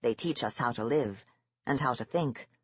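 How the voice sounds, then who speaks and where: An audiobook narrator voicing a calm, firm female schoolteacher who speaks softly, in a slightly dull lo-fi recording. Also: mid-range voice, moderate pace, husky, dry recording, natural voice.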